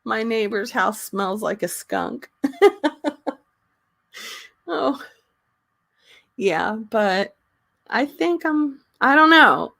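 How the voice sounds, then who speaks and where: A woman hosting a casual livestream, talking slowly with many pauses and ums and often laughing. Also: fairly high pitch, pushed and bright, dry recording. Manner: slow, halting talk with frequent ums and laughter. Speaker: livestream host.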